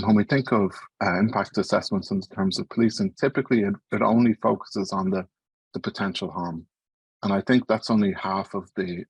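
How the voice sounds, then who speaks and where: An Irish man speaking in an earnest, explanatory way at a panel talk, moving along quickly. His voice sits very low with a gravelly, husky edge. The sound is dry and close. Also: no room sound, rough recording. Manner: fast-paced, earnest, explanatory. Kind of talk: academic talk.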